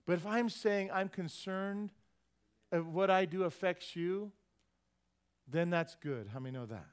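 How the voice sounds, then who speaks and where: Male pastor, American accent, high-pitched, chatty sermon delivery with frequent questions to the crowd. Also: a little slow, clean tone. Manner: animated, conversational preaching with rhetorical questions.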